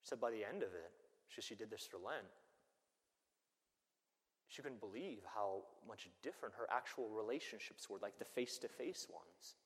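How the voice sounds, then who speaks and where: A man, a Catholic priest, preaching a sermon and telling stories in an animated way. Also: lowish voice, moderate pace. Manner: animated storytelling that acts out the people it quotes. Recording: long church-hall reverb.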